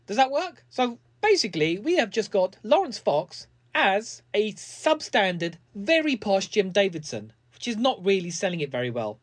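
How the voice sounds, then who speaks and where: Sarcastic man, lively voice. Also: high voice, normal speed, hardly any pauses, dry recording. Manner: sarcastic, mocking. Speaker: commentator. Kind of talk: comedic commentary monologue.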